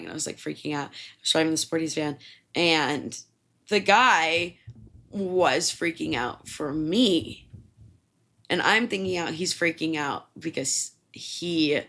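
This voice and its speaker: A woman's voice: lowish voice, creaky, fairly bright tone. A young woman hosting a podcast, telling rambling, profane, self-mocking stories in a casual monologue full of fillers. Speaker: podcast host.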